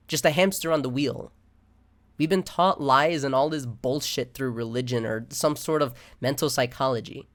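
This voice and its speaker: A man delivering an angry, profane rant into the camera, full of restarts and filler. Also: medium pitch. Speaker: vlogger. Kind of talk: angry ranting monologue.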